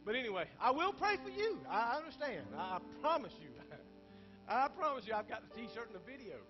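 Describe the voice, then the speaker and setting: A middle-aged man, a senior pastor, preaching a sermon in a church with fervent swings between loud bursts and quiet asides. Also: very high voice, big pitch swings, fairly quick, over music. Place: church sanctuary. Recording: dull lo-fi sermon recording.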